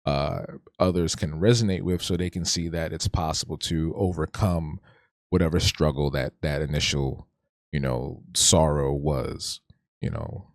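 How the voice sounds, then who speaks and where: A man's voice: rumbling low, fairly even intonation, measured pace, gravelly, dry recording, studio quality. A man hosting a casual livestream, talking reflectively and rambling, often restarting and stuttering. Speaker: streamer hosting an art talk show.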